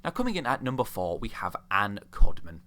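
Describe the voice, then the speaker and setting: A man's voice: lowish voice, very animated, a little fast, sharp tone. A young man giving sarcastic, ranting commentary on a video game, mocking the characters he talks about. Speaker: video host.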